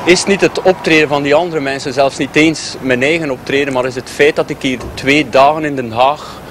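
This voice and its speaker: A man reflecting in an interview, speaking thoughtfully with hesitant pauses. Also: fairly high pitch, fairly even intonation, noisy background. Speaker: festival performer interviewed.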